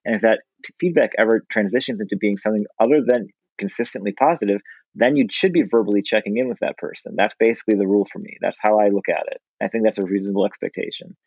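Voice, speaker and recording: A man's voice: fairly low pitch, fast, a little mellow, no echo, rough recording. A man talking frankly and emphatically on a podcast, blunt and earnest. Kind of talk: frank casual discussion.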